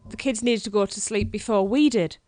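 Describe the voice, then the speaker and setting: A woman's voice: mid-range voice, a little fast, darkish tone, no echo. A woman with a Northern English accent, co-hosting a podcast in a bubbly, cheeky, laughing way. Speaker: podcast co-host. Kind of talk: casual podcast chat.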